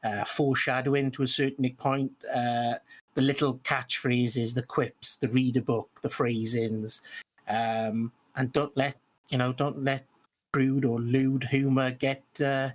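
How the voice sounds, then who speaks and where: A man's voice: mid-range voice, flat delivery, a little slow. A man co-hosting a podcast in casual chat about tabletop games, talking hesitantly with many restarts. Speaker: podcast co-host.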